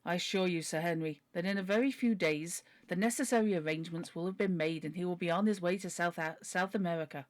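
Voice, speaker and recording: A woman's voice: on the low side, fast, hardly any pauses, lightly acted. A woman voicing a humble, pleading older male butler while reading a novel aloud. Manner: earnest, deferential, begging.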